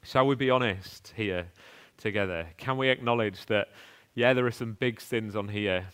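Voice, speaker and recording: A man giving a sermon with a smooth, resonant voice. He talks earnestly and conversationally, reading scripture aloud, stumbling over restarts now and then, and putting rhetorical questions to the congregation. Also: fairly low pitch, normal speed, fairly bright tone. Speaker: preacher.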